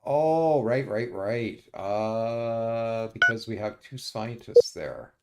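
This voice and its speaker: A man streaming a strategy game, muttering his moves to himself and often pausing with uhs. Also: medium pitch, lively intonation, noisy background. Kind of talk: casual let's-play commentary.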